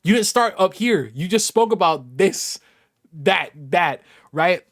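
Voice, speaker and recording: A man's voice: sits high, animated, takes it slowly. Exasperated, swearing male reaction streamer. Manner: exasperated, incredulous, swearing, swings from muttering to loud outbursts. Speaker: gaming YouTuber reacting to a response video. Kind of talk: casual reaction commentary.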